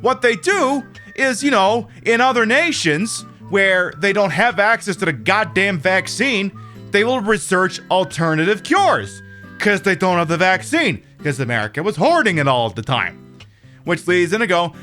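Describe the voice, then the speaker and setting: Animated sweary Australian man streaming. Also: high-pitched, moderate pace, soft background music. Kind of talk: casual gameplay stream chat.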